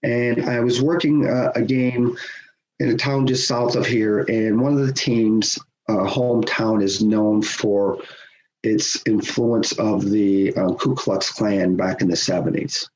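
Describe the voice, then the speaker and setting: A middle-aged man, a guest on a podcast, telling a personal story in a lively conversational way, chuckling as he goes. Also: fairly low pitch, measured pace. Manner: animated, acts out quoted voices, chuckles often. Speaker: podcast guest, hockey official. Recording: roomy, dull sound with faint hiss.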